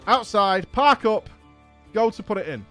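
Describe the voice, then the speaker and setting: A man's voice: sits high, expressive, a little slow, pushed and bright, faint music behind. An English man telling a casual story as a streamer host, exasperated and swearing as he acts out each exchange. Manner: exasperated, profane anecdote with acted-out dialogue.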